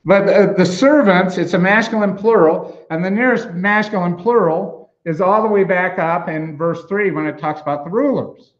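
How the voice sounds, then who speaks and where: A man's voice: high voice, moderate pace, hardly any pauses, lo-fi sound. A man preaching an expository sermon in a conversational way, with frequent fillers and restarts as he explains grammar. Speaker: pastor.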